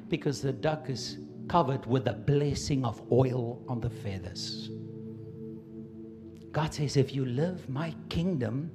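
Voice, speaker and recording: A man preaching a sermon to his church, swinging from quiet asides to loud emphatic peaks. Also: a little high. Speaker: pastor.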